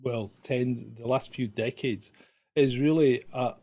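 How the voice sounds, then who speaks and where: Measured British man, co-host. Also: mid-range voice, steady tone, warm tone. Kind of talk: casual chat.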